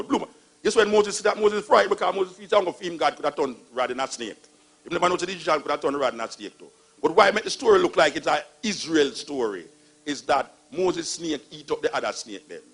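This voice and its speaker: A man's voice: on the high side, fairly bright tone, husky. A man with a Jamaican accent, giving a humorous talk and animatedly retelling stories with voiced characters. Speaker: speaker on religion.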